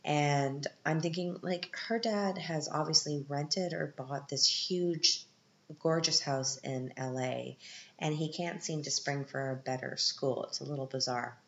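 A woman's voice: low-pitched, unhurried, fairly bright tone, slight background noise. A woman hosting a podcast, recapping a film in a casual, chatty way with joking asides. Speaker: podcast host. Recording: roomy, dull lo-fi sound.

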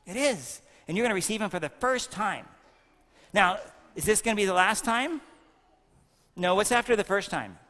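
A man in his fifties preaching in a church with a long, ringing reverb, his voice fairly high and bright. He jokes and quizzes the children in a playful homily. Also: expressive, normal speed, long pauses. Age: 50s. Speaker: priest. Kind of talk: homily at a First Communion Mass.

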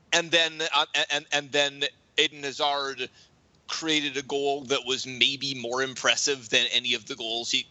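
A man's voice: mid-range voice, pushed and bright, no echo, low-quality recording. A man co-hosting a casual sports podcast, building his argument through stammering restarts. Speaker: podcast co-host.

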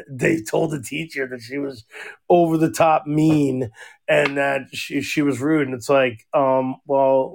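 A middle-aged man co-hosting a casual podcast, swearing freely and getting excited enough to shout. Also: mid-range voice, vocal fry. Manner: profane, excitable, shouts when riled up. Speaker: podcast co-host. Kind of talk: casual chat.

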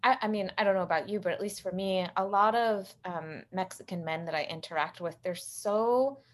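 A woman's voice: medium pitch, moderate pace. A woman with a mid-range voice talks casually. She reflects supportively on what she has just heard. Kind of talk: casual podcast conversation.

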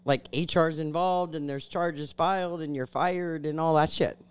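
A woman's voice: deep voice, steady tone, normal speed, clean tone. A woman co-hosting a casual podcast, blunt and teasing. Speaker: podcast co-host. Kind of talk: casual chat.

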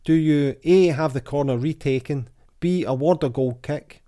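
Man, mellow dark voice, casual football podcast host, chatty. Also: a little high, normal speed. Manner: chatty, reads quotes aloud with lively voices.

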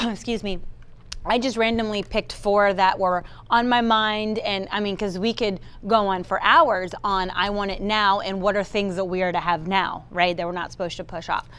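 A woman's voice: mid-range voice, steady tone, moderate pace, fairly bright tone, clean tone. A woman preaching a sermon, emphatic, acting out what believers should say and calling on listeners by name. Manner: emphatic, quotes the congregation's inner voice.

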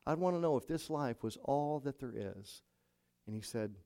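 A man's voice: medium pitch, normal speed, dark tone. A middle-aged male pastor telling a story from the pulpit, acting out each person's lines as he retells the conversations. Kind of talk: sermon storytelling.

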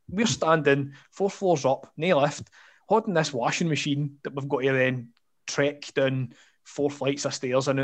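Chatty Scottish man spinning a yarn. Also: mid-range voice. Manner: animated, laughs often, lots of fillers and asides. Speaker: podcast guest storyteller. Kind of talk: casual anecdote telling.

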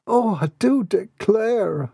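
Lily Lou, a man doing a high crooning Southern belle. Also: lively intonation, slow, creaky, mellow, husky, no echo, studio quality, full character voice. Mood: gushing. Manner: crooning, fussy, overly doting.

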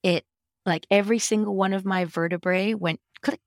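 A middle-aged woman telling a personal story as a podcast guest, emphatic and expressive, with sudden jumps in pitch. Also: normal speed, no room sound, clean studio sound.

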